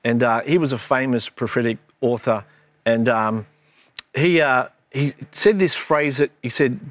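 Middle-aged minister, reflective and earnest, dry studio sound. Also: male voice, medium pitch, measured pace, no echo. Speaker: minister co-hosting with his daughter. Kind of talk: casual Bible discussion.

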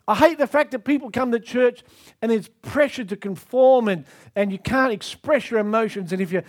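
A man preaching a sermon with emphatic, repetitive delivery. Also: high-pitched.

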